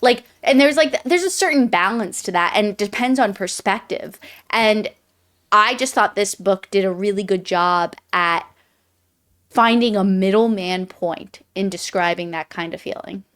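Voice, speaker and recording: A woman's voice: medium pitch, unhurried, a bit bright. A woman co-hosting a book podcast, thinking aloud and hunting for words in casual discussion. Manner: searches for words, many fillers and restarts.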